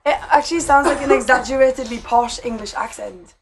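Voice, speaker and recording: A woman's voice: sits high, a little fast. A woman in casual comedy chat who asks pointed questions and makes wry observations. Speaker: podcast guest. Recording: loud crowd chatter behind.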